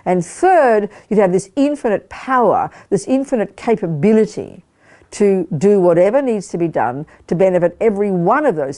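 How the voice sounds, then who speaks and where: Emphatic woman teaching with dark, mellow voice. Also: lowish voice. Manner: emphatic, repeats words for stress, checks in with listeners. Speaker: Buddhist teacher. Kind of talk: dharma teaching to a live group. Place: meditation hall of a study group.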